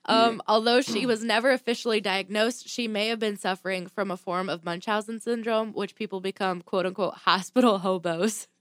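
A woman's voice: medium pitch, steady tone, a little fast, hardly any pauses, no room sound. A woman tells a true crime story in a loose, chatty way. She reads through her notes, stumbles now and then, and drops in blunt, profane asides. The sound is dry and close. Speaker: podcast host telling a true crime story. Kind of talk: casual storytelling chat.

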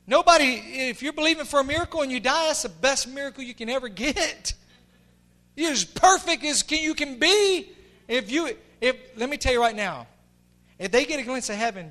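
A middle-aged male pastor preaches with fervor, his voice sitting unusually high for a man. His tone is bright and forceful, sinking to near-whispers before climbing to shouts. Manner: impassioned, swinging from hushed to shouting. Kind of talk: sermon.

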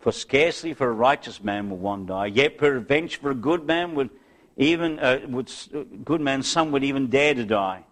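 A man preaching an evening sermon, building to loud emphatic peaks and sinking to a hushed, soft close, with old-fashioned biblical phrasing. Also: mid-range voice, animated, normal speed.

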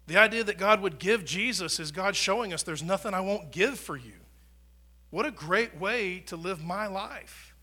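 A male pastor preaching a sermon in a church, conversational, swelling louder and dropping soft for emphasis. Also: high voice, lively intonation, normal speed. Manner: conversational preaching, rises and drops in volume for emphasis.

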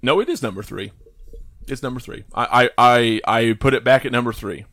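A man co-hosting a casual movie chat, enthusiastic and quick to quote favorite lines in put-on voices. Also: medium pitch, fairly bright tone, no echo, clean studio sound. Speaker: podcast co-host.

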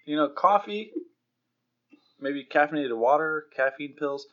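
A man's voice: fairly high pitch, unhurried, fairly bright tone. A young man co-hosting a casual podcast, blunt and laid-back, swearing freely. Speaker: podcast co-host. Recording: dull lo-fi podcast audio.

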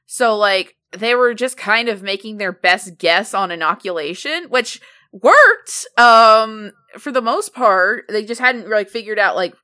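Bright-voiced woman, chatty with lots of "like". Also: mid-range voice, lively intonation. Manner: chatty, leans heavily on "like", quick asides. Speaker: podcast co-host. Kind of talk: casual chat.

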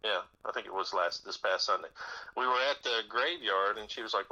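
A man's voice: on the low side, fairly even intonation, brisk, pushed and bright, highs cut off. A male musician guest chatting in a radio interview, easygoing, laughing often and repeating words as he talks. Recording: radio broadcast sound.

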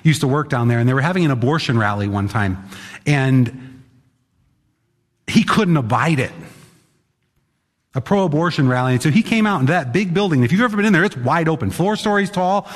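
A male pastor preaches a sermon in a conversational, emphatic style, sometimes acting out other people's voices. His medium-pitched voice is animated and a little fast, with long hall reverb on the recording.

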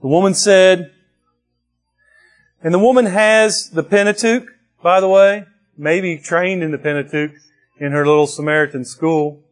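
Male pastor, slightly higher voice, slow deliberate sermon delivery, conversational with emphatic lifts. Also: faint music behind. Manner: slow, conversational preaching with restarts and rising emphasis.

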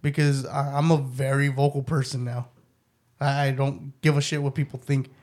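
A man's voice: medium pitch, level tone, normal speed, a little mellow. A man in his thirties telling stories in casual chat, blunt and profane, often restarting his sentences.

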